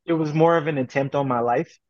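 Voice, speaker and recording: Male podcast co-host, slightly higher voice, lively profane storyteller, dry muffled sound. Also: a little fast, dry recording. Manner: animated, profane, acts out quoted voices. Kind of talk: casual storytelling.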